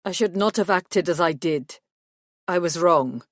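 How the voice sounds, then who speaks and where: A woman's voice: fairly low pitch, a little slow, no echo, studio quality. A woman voicing a weary, grizzled male werewolf in an audiobook, speaking stiffly and pleading. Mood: desperate.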